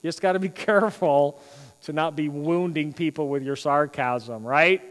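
A man with a high voice preaches a sermon from the pulpit, pushing hard on his emphatic points and then dropping to low, wry asides. The sound carries the long reverb of a large hall. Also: normal speed. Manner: animated preaching, swings between loud emphasis and quiet asides. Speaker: pastor.

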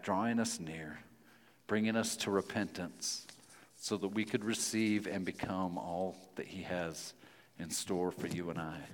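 A man preaching a sermon, telling stories in a lively, playful way and turning earnest and quiet in prayer. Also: sits low, big-room sound. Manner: storytelling, playful, then hushed and earnest in prayer. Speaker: pastor.

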